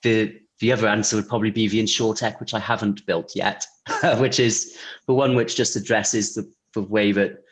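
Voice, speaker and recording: A man talking casually as an interview guest, relaxed and chatty, with many fillers and restarts. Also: lowish voice, normal speed. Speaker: guest, insurance technology vendor.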